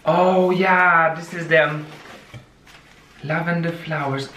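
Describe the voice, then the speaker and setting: A woman unboxes plants in an echoey room, talking very slowly and drawing out her words. Her low-ish voice swings widely in pitch as she gushes and exclaims over each one. Steady background noise sits under the recording. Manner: gushing, exclamatory, slow and drawn-out. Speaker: plant vlogger unboxing gifts. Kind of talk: casual unboxing vlog.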